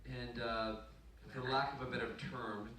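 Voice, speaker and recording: Brief: Scotland-born man, panel guest, talks in loose restarts, heard from afar in a booming hall with steady noise. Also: moderate pace. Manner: chatty storyteller, many restarts. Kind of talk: convention panel anecdote. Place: large convention hall. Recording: echoey hall, distant mic, background noise.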